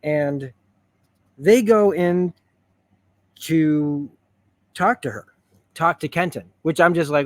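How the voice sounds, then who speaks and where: A man talks through a TV episode in a loose stream of consciousness, getting worked up as he retells it. His voice sits a little high for a man. The sound is dry and close, with no room around it. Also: slow, pauses often, no room sound. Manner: rambling, excitable, retells scenes. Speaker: show reviewer.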